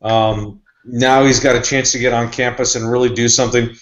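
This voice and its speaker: A man's voice: medium pitch, little pitch movement, a little fast, fairly bright tone, roomy sound, muffled recording. A man who reports on sports recruiting, talking in a loose, rambling, conversational way. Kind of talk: casual podcast chat.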